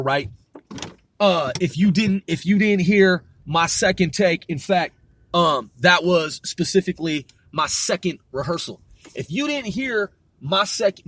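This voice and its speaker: High-voiced man rambling about his rap. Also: fairly bright tone, dry recording, clean studio sound. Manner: rambling, restarts often, swears casually. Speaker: rapper. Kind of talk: casual rehearsal talk with rapped lines.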